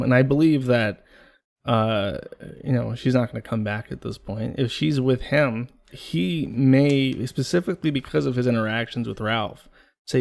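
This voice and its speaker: A man's voice: mid-range voice, vocal fry, a little mellow. A man co-hosting a podcast, talking bluntly and mockingly in casual commentary, with plenty of swearing. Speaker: podcast co-host.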